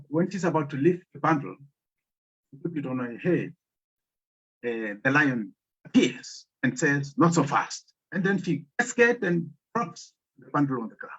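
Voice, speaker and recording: A man giving a storytelling lecture on African philosophy, speaking haltingly with many fillers and pauses. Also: on the high side. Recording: muffled lo-fi audio.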